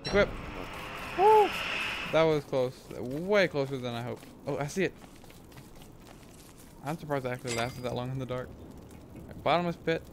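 A man casually talking through his gameplay as a streamer, rambling and thinking aloud, with sudden excited whoops. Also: medium pitch, moderate pace, pauses often, noisy background. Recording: game music playing under the voice. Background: game music.

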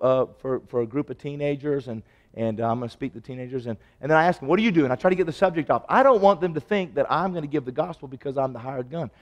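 A man preaching a sermon, telling stories and acting out the dialogue, his voice swinging from loud to hushed. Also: a little high, long reverb tail. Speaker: pastor. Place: church sanctuary.

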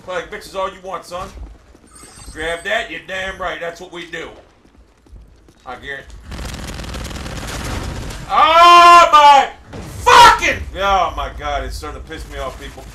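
A man commentating his own gameplay live, cursing and boasting, often breaking into frustrated shouting. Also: a little high, steady tone, normal speed, pauses often. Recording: echoey room, distant mic, faint hiss.

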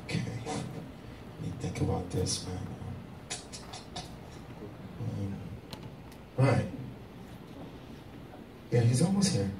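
Excitable man for a church skit, lively swings in pitch, distant mic and echoey hall. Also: takes it slowly, long pauses. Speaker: churchgoer who lies on the phone. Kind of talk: amateur church drama acting. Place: church building, indoors. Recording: echoey, distant mic with clear background noise.

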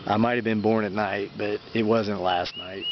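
A man's voice: on the low side, steady tone, normal speed, lo-fi sound, background noise. A middle-aged man telling stories outdoors on his rural homestead in a folksy, rambling way, full of fillers and restarts. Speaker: homesteading vlogger. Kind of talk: casual storytelling monologue.

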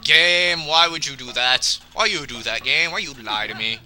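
He speaks at normal speed in a medium pitch, though the audio is poor and game music runs underneath. As a let's play commentator, he gives casual, excitable, rambling commentary and scolds the game out loud when things go wrong.

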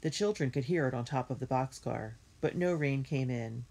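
Low, husky woman reading a storybook. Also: normal speed, darkish tone. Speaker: reader.

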